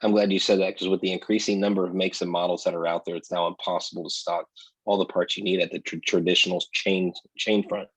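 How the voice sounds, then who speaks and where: A man's voice: low-pitched, level tone, fast talker, fairly bright tone, slightly rough, no echo, poor audio. A man co-hosting a casual sports podcast, talking energetically and straight to his listeners. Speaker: podcast co-host.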